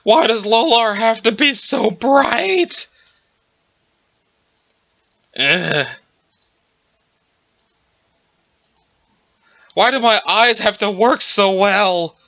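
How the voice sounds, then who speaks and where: A man's voice: sits high, big pitch swings, pushed and bright, dull audio, heavily acted. A man reading as a groggy hungover alien girl. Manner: drowsy, pained, slow whining. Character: hungover sarcastic young female alien girl.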